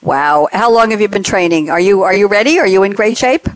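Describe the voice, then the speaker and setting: A woman's voice: medium pitch, expressive, fairly quick, dry recording. A woman hosting a talk show, emotional and effusive as she questions guests. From New York. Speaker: host.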